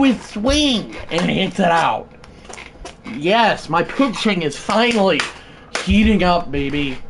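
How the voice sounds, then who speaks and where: A man streaming a baseball video game, calling the plays like a play-by-play announcer, shouting on big plays and muttering asides in between. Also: on the high side, big pitch swings, measured pace, background noise. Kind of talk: live gameplay commentary.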